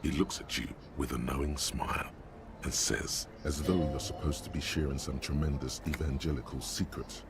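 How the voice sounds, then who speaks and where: A man voicing the grave inner narrator of a video game, slow and measured, over clear background noise. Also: very deep voice.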